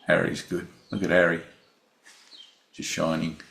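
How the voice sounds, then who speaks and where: A man leading a spiritual group session over a video call, speaking gently with short encouraging affirmations. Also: deep voice, completely flat delivery, a little slow, gravelly, roomy sound.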